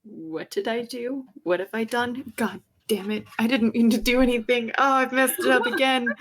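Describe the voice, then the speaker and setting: A woman voicing a flustered young man who frets at himself in a rushing inner monologue. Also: a little high, fairly even intonation, close to an everyday voice.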